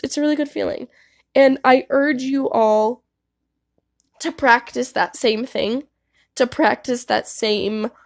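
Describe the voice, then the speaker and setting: A young woman giving candid, casual advice to her viewers, swearing freely and saying "like" a lot. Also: high voice. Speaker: vlogger.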